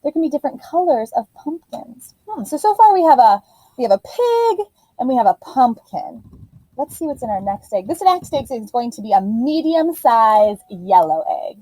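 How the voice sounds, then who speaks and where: A woman teacher giving a phonics lesson to young children in an animated, sing-song voice. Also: on the high side, normal speed, no room sound, poor audio.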